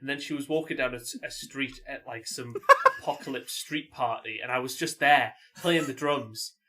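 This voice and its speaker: Bright-voiced man chatting. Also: mid-range voice, normal speed. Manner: laughs often while talking. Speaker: podcast co-host. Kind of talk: casual chat.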